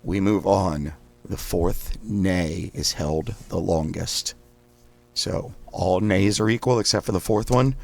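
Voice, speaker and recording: A man hosting a guided voice exercise lesson, calmly counting through repetitions between loud, sharp drill sounds. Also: sits low, slow, vocal fry. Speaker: host leading daily voice exercises.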